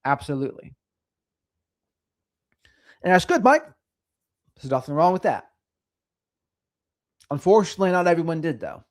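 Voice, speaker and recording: A man's voice: on the high side, moderate pace, long pauses. A middle-aged man hosting a casual livestream, chatting with viewers in a sing-songy way. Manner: sing-songy, lively delivery. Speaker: livestream host. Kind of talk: casual livestream chat reading comments.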